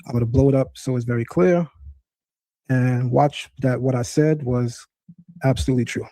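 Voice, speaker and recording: A man's voice: mid-range voice, steady tone, normal speed, dark tone, dry recording. A man hosting a live stream, teaching Hebrew and debating a caller, emphatic and insistent, repeating points to drive them home.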